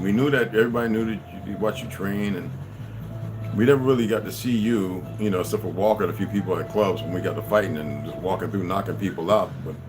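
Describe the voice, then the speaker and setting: A middle-aged man telling a rambling, profane story that turns into a loud rant. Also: lowish voice. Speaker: channel host telling stories.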